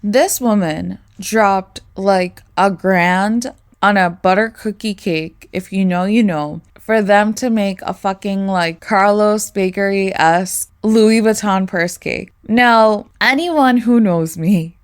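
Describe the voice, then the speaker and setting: A woman's voice: medium pitch, slow, smooth. A young woman telling a personal story to camera in a candid, slangy way, swearing often and dropping plenty of casual fillers. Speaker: storytime vlogger.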